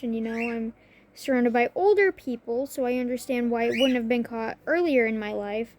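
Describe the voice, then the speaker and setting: A young woman talks through personal matters to the camera, restarting her sentences and filling gaps with "like". Her voice sits a little high, and she coughs now and then. A faint noise runs under the recording. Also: fairly quick, a little mellow. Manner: rambling, self-interrupting, frequent "like" fillers. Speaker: vlogger. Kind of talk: personal confessional talk.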